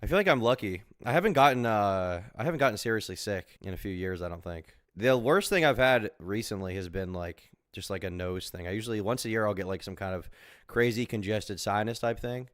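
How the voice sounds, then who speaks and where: Low-voiced man streaming, joking and crude. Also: lively intonation, fairly quick, a bit bright, no echo, clean studio sound. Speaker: live streamer. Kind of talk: casual livestream chat. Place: at home.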